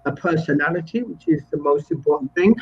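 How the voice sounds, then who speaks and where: A man's voice: fairly high pitch, a little fast, dull audio. A male host of a live online chat show who talks playfully and hesitantly, with many fillers.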